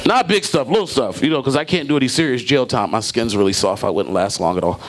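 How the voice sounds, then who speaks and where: A man doing a stand-up comedy set, jokey and animated, acting out characters in loud bursts. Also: medium pitch, fast, background noise. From Brooklyn, New York.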